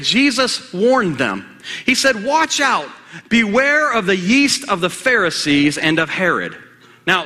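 Bright-voiced preacher in an echoey hall. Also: male voice, high-pitched. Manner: animated, conversational, rhetorical questions to the congregation. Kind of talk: sermon.

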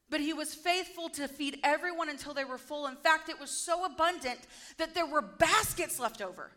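A woman preaching a casual sermon, retelling a story and acting out the speakers' lines in a lively, conversational way. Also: high voice, brisk, hardly any pauses.

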